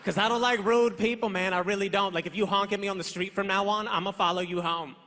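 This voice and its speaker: A man's voice: sits high, fairly even intonation, fast. A young man performing a stand-up comedy set on a big stage, casual and punchy, with slangy asides. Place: large theater stage with live audience. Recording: live hall with crowd noise. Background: audience laughter and applause.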